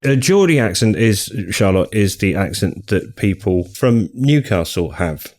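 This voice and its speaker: Chatty, fairly low-voiced male podcast host. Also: expressive, measured pace, a little mellow. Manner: chatty, laughs often, rambling asides. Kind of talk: casual chat.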